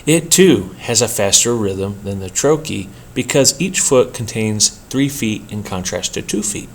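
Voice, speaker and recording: A man teaching a poetry workshop in a measured, explanatory lecture style, with an occasional slip. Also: fairly low pitch, expressive, slight background noise. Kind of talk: scripted lecture narration.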